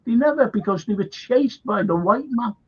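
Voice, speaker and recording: A man with a Liverpool accent tells history stories in a chatty, wandering way. He often breaks into little acted-out voices for the people in his tales. His voice sits high and a little husky, and it comes through muffled, lo-fi livestream audio. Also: animated, normal speed. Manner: rambling anecdotes, acts out quoted voices. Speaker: local historian. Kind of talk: livestream storytelling chat.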